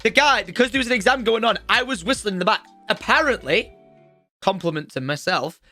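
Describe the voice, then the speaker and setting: A man's voice: high voice, a little fast, soft background music. A young man telling a stream audience a story about school, swearing freely and acting out the characters with plenty of energy. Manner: swearing, lively, acts out the teacher's shouting. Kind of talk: animated storytelling on a live stream. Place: home streaming room.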